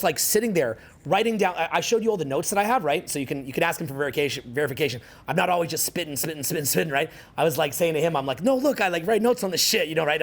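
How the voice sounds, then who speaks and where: A man in his forties giving a casual, rambling seminar talk, swearing freely and peppering his speech with fillers. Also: a little high. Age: 40s. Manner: rambling, profane, animated, filler-heavy. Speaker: seminar speaker.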